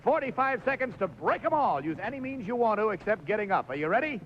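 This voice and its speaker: A man's voice: high-pitched, very animated, fast. A man hosting a live studio game show, jovially coaxing contestants through stunts in an old 1950s TV recording. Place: television studio with audience. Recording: dull lo-fi 1950s TV recording, faint hiss.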